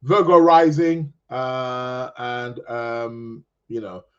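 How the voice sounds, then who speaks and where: A man's voice: medium pitch, steady tone, extremely slow, clean tone, dull audio. A man hosting an astrology podcast, chatting casually and reading out viewer comments in a rambling, joking way. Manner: rambling, jokey, self-interrupting.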